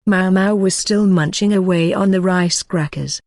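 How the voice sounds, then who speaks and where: A woman narrating a light novel audiobook with steady, even reading. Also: medium pitch, moderate pace, hardly any pauses, dry recording, studio quality. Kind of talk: scripted narration.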